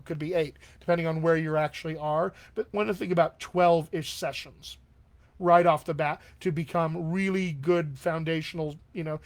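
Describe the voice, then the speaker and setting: A man with a voice pitched a little above the usual answers viewer questions as a dialect coach in a live online Q&A. He sounds upbeat and encouraging and keeps checking in with his listeners as he explains. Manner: upbeat and encouraging, often checks in with "all right?".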